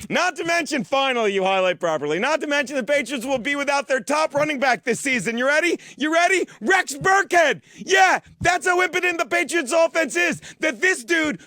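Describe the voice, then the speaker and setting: A man hosting a comic football picks show in a studio, foul-mouthed and mock-boastful, now and then bursting into shouts. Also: very high voice, dry recording. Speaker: host of a sports-betting picks show. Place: studio with a teleprompter.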